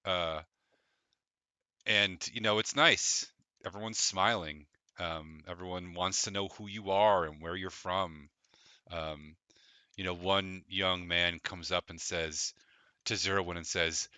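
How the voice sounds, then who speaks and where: A man's voice: low-pitched, steady tone, slow, bright, forceful tone, smooth, no room sound. A man narrating a tabletop game as game master, loose and full of fillers, laughing easily.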